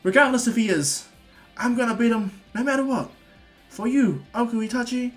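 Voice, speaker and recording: A man's voice: extremely high pitch, moderate pace, soft background music, pitched above the performer's own voice. A man voicing a determined teenage ninja girl in a raised voice.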